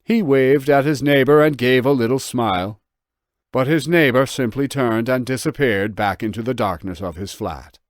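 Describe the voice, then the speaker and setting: A man narrates his own novel as an audiobook, telling the story expressively and giving voice to the dialogue. His medium-pitched voice moves at a moderate pace, recorded cleanly in a studio with no room sound.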